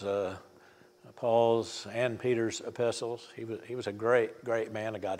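An older man preaching a sermon, retelling a story in a folksy, halting way with many fillers and restarts. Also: lowish voice. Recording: long hall reverb.

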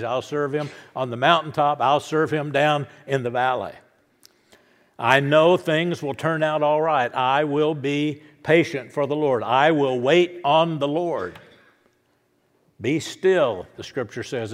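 A man preaching a sermon, repeating lines with rising emphasis and dropping soft and low at the ends of thoughts. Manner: emphatic repetition, rising to loud declarations. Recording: long hall reverb.

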